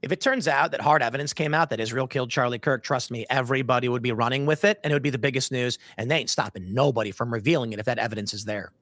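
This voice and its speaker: A man's voice: medium pitch, very fast, hardly any pauses, fairly bright tone, no room sound. A man in his thirties hosting a livestream, rambling casually and reading chat aloud with joking mock voices. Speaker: livestream host.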